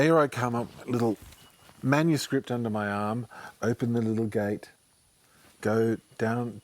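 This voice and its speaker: A man telling a personal story in a monologue, often halting and repeating himself. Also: fairly low pitch, a little mellow. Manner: halting, repeats words and restarts sentences.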